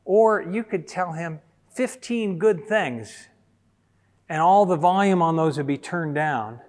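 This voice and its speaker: A middle-aged man giving a sermon-style teaching talk, telling personal stories and acting out quoted voices. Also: on the high side. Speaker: speaker. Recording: long hall reverb.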